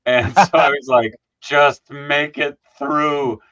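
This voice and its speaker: A man hosting a live stream, chatting casually and animatedly with guests and shouting out viewers. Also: a little high, fairly even intonation, slow pace. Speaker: stream host. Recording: slightly dull lo-fi stream audio.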